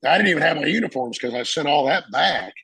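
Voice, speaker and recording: Husky, animated storytelling man. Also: on the high side, fast talker, no echo, low-quality recording. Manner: animated storyteller, acts out voices, laughs often. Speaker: Marine veteran guest. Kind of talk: casual storytelling interview.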